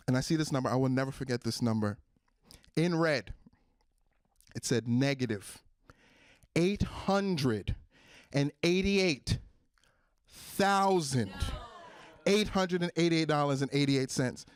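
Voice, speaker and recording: Animated stand-up comedian, lively pitch. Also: male voice, unhurried, pauses often, clear, resonant tone, no echo. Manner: animated, acts out voices in a high squeal. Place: stage in front of a live audience.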